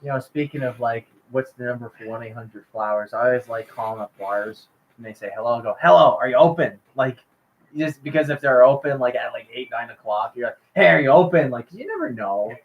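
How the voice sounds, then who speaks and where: A man's voice: mid-range voice, animated, a little fast. A man chatting casually on a podcast, rambling in an easygoing way. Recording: dull lo-fi sound.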